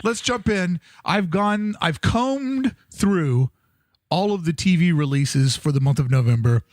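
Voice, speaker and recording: Brief: upbeat podcast co-host, man, slightly high voice, dry close mic, jokey and profane. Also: measured pace, no echo. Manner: animated, jokey, swears freely. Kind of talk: casual chat.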